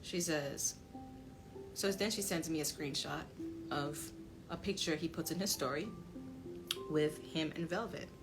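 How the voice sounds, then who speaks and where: Brief: young woman, lower-pitched, telling a storytime with animated bluntness, music running underneath. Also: unhurried, long pauses. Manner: animated, blunt retelling with swearing. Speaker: vlogger telling a personal story. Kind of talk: casual storytime monologue.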